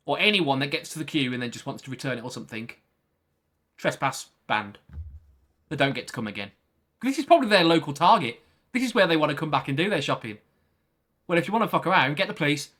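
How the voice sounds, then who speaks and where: During a livestream, a man rants about clips in an animated, profane way, firing off lots of rhetorical questions. His voice is fairly high in pitch.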